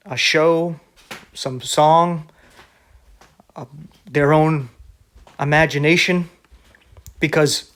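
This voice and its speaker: Conversational male preacher, slightly high voice. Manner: conversational, with many restarts and filler words. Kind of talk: casual sermon.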